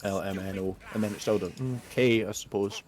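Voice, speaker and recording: A man's voice: fairly low pitch, steady tone, a little fast, darkish tone. A man playing a game with a friend, chatting casually with a dry, teasing humor. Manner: wry, teasing, trails off into mumbles. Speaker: co-player. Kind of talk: casual chat while gaming.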